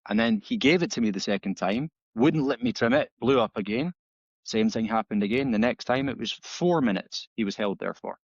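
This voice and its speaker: Man, lowish voice, podcast guest, animated storyteller, dull dry audio. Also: brisk, no room sound. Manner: animated storytelling, acts out dialogue with frequent restarts. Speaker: balanced dog trainer, podcast guest. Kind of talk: casual podcast conversation.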